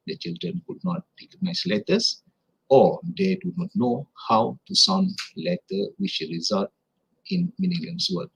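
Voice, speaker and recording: Malaysian man lecturing, lively husky voice. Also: mid-range voice, low-quality recording. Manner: careful, explains with spelled-out examples; halting, restarts phrases. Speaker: academic speaker. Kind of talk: online conference lecture.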